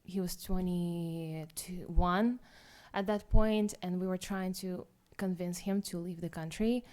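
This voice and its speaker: A young woman with a Ukrainian accent tells her own story at a forum, halting and self-deprecating, with many restarts. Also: on the low side, fairly even intonation, a little mellow. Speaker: guest speaker, student.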